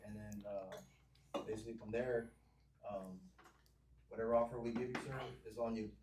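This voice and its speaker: A man in a sales training practicing a pitch, hesitant and full of fillers. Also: fairly even intonation, moderate pace, noisy background. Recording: roomy, distant mic.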